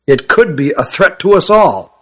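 A man's voice: fairly high pitch, sing-song, normal speed, slightly rough, full character voice. Narrator doing sturdy young fugitive, urgent, secretive, near his own voice, storybook. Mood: secretive pleading. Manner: urgent, hushed, pleading. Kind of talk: audiobook character voice.

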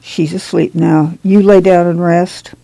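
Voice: medium pitch, level tone, a little slow, gravelly, dry recording, poor audio. A reader doing a weary, stern farm mother. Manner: quiet, tired, firm.

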